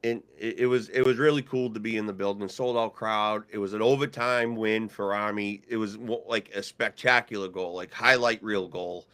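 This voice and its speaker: Bright-toned man telling stories. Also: lowish voice, moderate pace, few pauses, clear, resonant tone. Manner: storytelling, animated when quoting others. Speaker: hockey referee supervisor and podcast co-host. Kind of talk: casual podcast chat.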